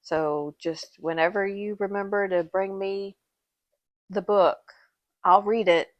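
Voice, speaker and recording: A woman co-hosts a podcast in casual chat, full of playful banter and easy laughter. Her voice sits at a middle pitch. The recording is dry and close-miked. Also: steady tone, takes it slowly, no room sound, highs cut off. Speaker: podcast co-host.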